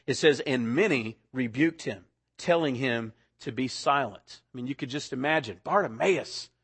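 A pastor preaching a sermon, swinging between loud, urgent lines and hushed, quiet ones. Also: male voice, medium pitch, normal speed, breathy edge.

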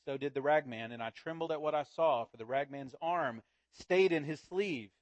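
Man preaching in a slow dramatic read. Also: a little high, no room sound. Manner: slow, dramatic storytelling with wide swings in loudness. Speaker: pastor. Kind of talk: sermon, reading a story aloud.

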